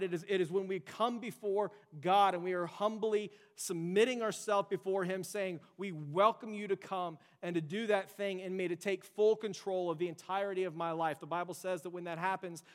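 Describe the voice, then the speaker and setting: A young adult man preaching a sermon as pastor, earnest and conversational, mixing storytelling asides into his message. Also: fairly high pitch. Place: church sanctuary. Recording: long church hall reverb.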